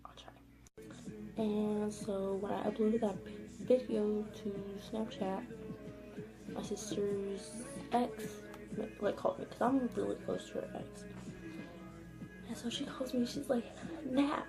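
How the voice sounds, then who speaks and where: A woman's voice: mid-range voice, fairly even intonation, slow pace, gravelly, pauses often, rough recording. A young woman telling a casual storytime in her vlog, rambling with constant fillers and frequent swearing. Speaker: vlogger. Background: background music.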